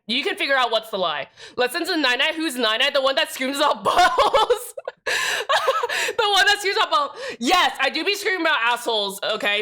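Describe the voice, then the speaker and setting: Young woman streamer with a bright, somewhat high voice; irreverent, sassy, swears freely. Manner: sassy, profane, joking with chat. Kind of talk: casual live-stream chat.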